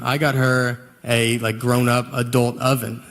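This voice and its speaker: A man performing a stand-up comedy set, telling stories in a slow deadpan way with hesitant pauses. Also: mid-range voice. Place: live comedy venue with audience. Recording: live show with audience laughter and background noise.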